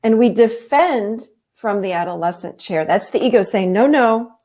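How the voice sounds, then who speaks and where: A woman therapist and life coach explaining in a relaxed conversational way, telling lively stories and acting out the voices of people she quotes. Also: mid-range voice, moderate pace.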